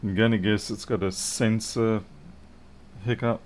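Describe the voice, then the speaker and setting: A man's voice: fairly low pitch, steady tone, unhurried, a little mellow, slight background noise. A man thinking aloud and muttering to himself as he works through a live repair stream. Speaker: electronics repair technician.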